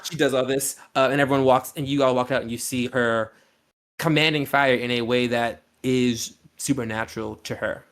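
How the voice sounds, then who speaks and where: A man's voice: mid-range voice, fairly even intonation, normal speed, a bit bright. A man as game master, narrating a scene loosely with many fillers and restarts.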